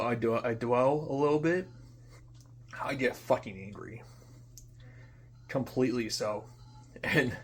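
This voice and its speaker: A young man with a mid-range voice venting to the camera in a long unscripted rant. He swears freely, circles back over the same points, and often sinks into low, tired mutters between louder bursts. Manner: frustrated, profane, repeats himself, trails off into quiet mutters. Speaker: vlogger. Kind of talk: unscripted ranting monologue.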